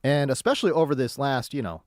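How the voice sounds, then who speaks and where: A man hosting a sports radio show, hyped and jokey, swinging between loud bursts and calm stat talk. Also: mid-range voice, fast talker, dry recording, studio quality.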